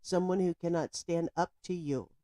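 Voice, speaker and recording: A woman's voice: fairly low pitch, normal speed, dark tone, no echo. A woman giving indignant, emphatic commentary on a news story, speaking straight to the viewer. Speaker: political commentator.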